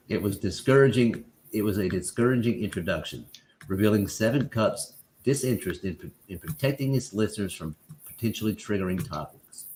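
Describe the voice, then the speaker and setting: A man's voice: lowish voice, animated, moderate pace, darkish tone. A man hosting a podcast, reading his own written account aloud and laughing often in between. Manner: laughs often while telling the story.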